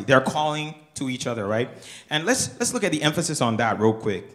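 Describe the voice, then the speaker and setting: A man talks through scripture in an easy, conversational way. His pitch moves a lot as he asks rhetorical questions, and he laughs along with his co-host. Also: very animated, a little fast, a bit bright. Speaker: co-host of a church discussion show. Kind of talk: casual Bible study discussion.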